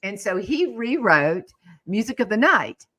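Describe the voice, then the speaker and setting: A middle-aged woman hosting a relaxed conversation, her voice rising and falling widely as she tells stories. She now and then slips into a snatch of sung melody, then drops back to plain chat. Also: mid-range voice, unhurried, breathy edge. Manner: animated storyteller, breaks into bits of song. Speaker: talk show host. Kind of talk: casual chat.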